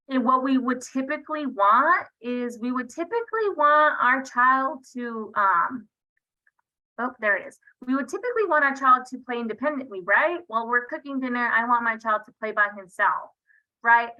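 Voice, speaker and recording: A woman's voice: on the high side, sharp tone, dull audio. A woman presenting an online parenting workshop over a video call, talking casually and checking in with her listeners often. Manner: conversational, checks in with frequent "right?". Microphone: video call computer mic.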